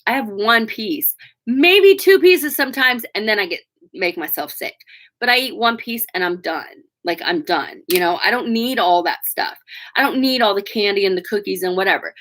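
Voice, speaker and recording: A woman in her forties with a bright, forceful voice talks straight to her viewers in a live stream. She is candid and emotional, with plenty of fillers and a few swear words along the way. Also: medium pitch, expressive, moderate pace. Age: 40s. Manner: frank, emotional and chatty, with frequent fillers and swearing. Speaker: vlogger talking to viewers.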